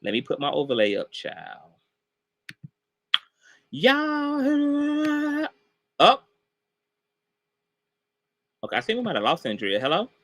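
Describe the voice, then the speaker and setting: On a livestream call, a male online commentator loosely recounts a story, chatty and heavy on "like" and "y'all." He talks fast in a medium-pitched, sing-song voice with a fairly bright tone.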